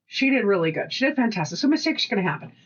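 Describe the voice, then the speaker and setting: A woman co-hosting a casual podcast, telling animated work stories, acting out voices and swearing freely. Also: mid-range voice, very fast, breathy edge, highs cut off. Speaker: podcast co-host. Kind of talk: casual storytelling chat.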